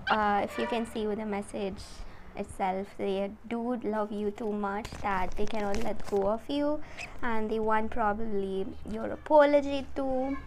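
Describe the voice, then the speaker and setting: A woman giving a casual tarot reading, talking gently and emotionally to her viewers. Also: mid-range voice, a little slow, a little hiss or hum. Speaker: tarot reader.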